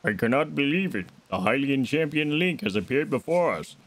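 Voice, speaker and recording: A man's voice: mid-range voice, lively intonation, normal speed. A man voicing a giant, regal old fish king, using formal old-fashioned speech. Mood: wistful. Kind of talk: voicing game dialogue on a stream.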